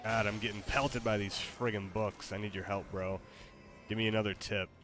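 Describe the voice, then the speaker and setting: Man streamer, very low voice, casual, rambling, lots of fillers. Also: little pitch movement, moderate pace, over music. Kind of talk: casual gameplay commentary.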